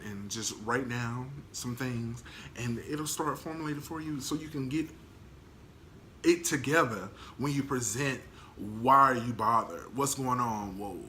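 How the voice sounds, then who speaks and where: A man's voice: mid-range voice, a bit bright, a little hiss or hum. Blunt, slangy man vlogging. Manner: blunt, candid, slangy, laughs often. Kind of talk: casual monologue to camera.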